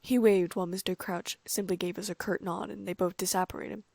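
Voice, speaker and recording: A woman reading a fan-fiction audiobook aloud in a brisk, lively first-person storytelling manner. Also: medium pitch, vocal fry, no echo. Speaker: audiobook narrator.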